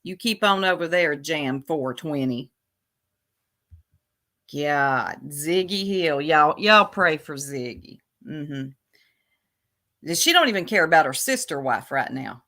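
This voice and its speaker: Sassy lady livestreamer, slow unhurried talk, bright edgy voice. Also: sits low, animated. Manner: sassy, teasing viewers. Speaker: livestream host. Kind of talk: casual livestream commentary.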